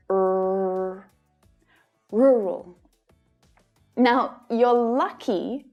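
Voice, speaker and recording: An Australian woman gives an English pronunciation lesson. Her voice sits fairly high and she speaks very slowly, modelling each sound with care. Soft music plays faintly behind her. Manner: slow, careful modelling of sounds. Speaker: English teacher.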